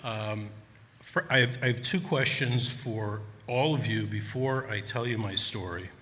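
Bright-voiced older man with a New Jersey accent. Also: fairly low pitch, a little hiss or hum. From Newark, New Jersey. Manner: chatty, self-deprecating, halting with ums. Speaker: storyteller. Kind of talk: live storytelling to an audience. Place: neighborhood center hall. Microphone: stand microphone. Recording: long hall reverb.

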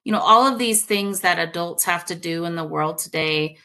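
Passionate woman author, bright voice. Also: lowish voice, moderate pace. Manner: passionate, earnest. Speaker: guest author. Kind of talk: interview answers.

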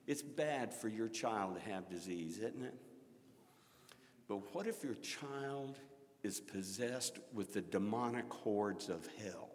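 A middle-aged man preaching a sermon, swinging between loud exclaiming and quiet storytelling. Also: lowish voice, lively intonation, takes it slowly, big-room sound.

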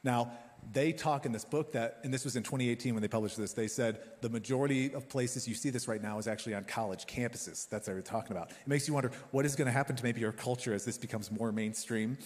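Animated male pastor in a reverberant hall. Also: mid-range voice, quick pace. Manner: animated, conversational, addresses the congregation directly. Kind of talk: sermon with personal stories.

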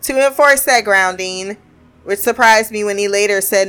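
A woman's voice: mid-range voice, normal speed, bright, forceful tone, clear, resonant tone, faint music behind. A woman giving a casual, blunt and sarcastic review of a TV show, swearing freely as she recaps the episode.

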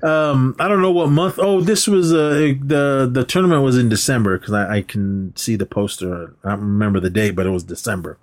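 A man's voice: medium pitch, fairly quick, few pauses. A man co-hosting a podcast, casually retelling a movie's plot in a rambling way and slipping into quoted lines. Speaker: podcast co-host. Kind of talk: casual movie recap chat.

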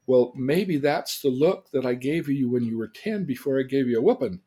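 An older man, a change coach, teaching through lively personal stories and acting out the people in them. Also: mid-range voice, moderate pace, breathy edge. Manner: animated storyteller who acts out quoted dialogue. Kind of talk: storytelling lesson on a podcast.

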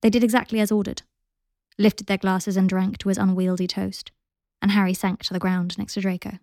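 Woman reading a story on her podcast, gravelly creak, dry close mic. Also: medium pitch, flat delivery, a little fast, darkish tone, no room sound. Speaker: podcast host and reader.

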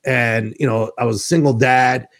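A middle-aged man hosting a casual chat, telling stories in an animated way and laughing often. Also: medium pitch, moderate pace. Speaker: host.

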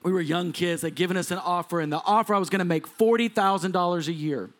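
A man in his forties preaches from the pulpit with a fairly high voice. He tells stories in an animated way, acting out the people he quotes and laughing as he goes. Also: fast talker. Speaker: pastor. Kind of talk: sermon storytelling.

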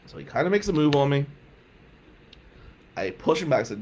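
High, lively male storyteller, animated and profane, faint room noise. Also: fairly quick. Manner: animated, swearing, laughing often. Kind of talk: comic personal storytelling.

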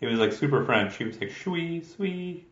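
A man co-hosting a podcast in casual chat, playful and teasing and quick to laugh. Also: fairly low pitch, fairly bright tone. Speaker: podcast co-host. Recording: echoey room, dull lo-fi sound.

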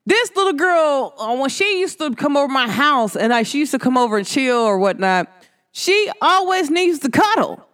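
A woman's voice: sits high, sing-song, moderate pace, a bit bright. A woman hosting her own talk show, chatting casually in slang, laughing through stories and firing questions at listeners. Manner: laughs while telling stories. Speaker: podcast host.

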